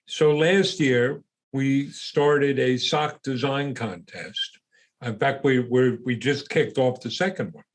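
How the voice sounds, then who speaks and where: A man's voice: medium pitch, slow pace. A middle-aged man as a podcast guest, explaining his business in a plain, conversational way with some fillers. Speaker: guest, small business owner. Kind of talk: casual interview chat.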